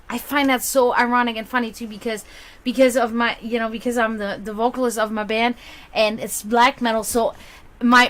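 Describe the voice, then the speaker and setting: Bubbly German-accented woman. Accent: German with a slight Slavic touch. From half German, half Serbian. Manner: chatty, bubbly, quick swings in pitch and loudness. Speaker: psychic reader and livestream host. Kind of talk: casual livestream chat.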